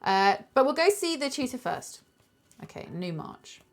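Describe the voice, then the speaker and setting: A woman's voice: high-pitched, big pitch swings, measured pace. Chatty woman streamer thinking aloud. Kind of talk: casual chat while playing a board game.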